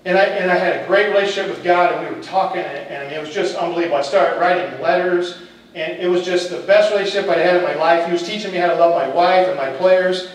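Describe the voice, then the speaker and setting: A man's voice: high-pitched, fast. A middle-aged man, a football coach and teacher, telling his personal testimony in a candid, humorous storytelling way. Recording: echoey hall, distant mic.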